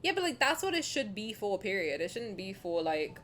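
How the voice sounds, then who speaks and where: A woman streaming and chatting casually with her chat, animated and swearing freely, dropping to low mutters and then rising to loud outbursts. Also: fairly quick, hardly any pauses, slight background noise. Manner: reads chat questions aloud and answers them.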